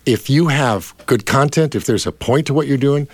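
A man's voice: mid-range voice, moderate pace, no room sound. A middle-aged man hosting a casual radio chat, rambling with many fillers and restarts. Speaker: radio host.

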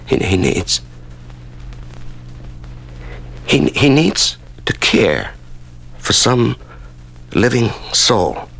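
A shaken prisoner from a radio drama, stammering and halting. The voice is low and gravelly, with slow, drawn-out phrasing and wide swings in pitch. Music plays behind the voice. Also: male voice, very animated, a bit bright, exaggerated voice. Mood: weary. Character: prisoner long held in a dark cell, shaken.

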